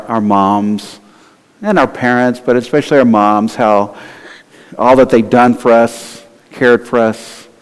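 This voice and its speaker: A man's voice: medium pitch, clean tone. A male pastor giving a conversational sermon in a church, sometimes acting out quoted voices. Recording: long hall reverb.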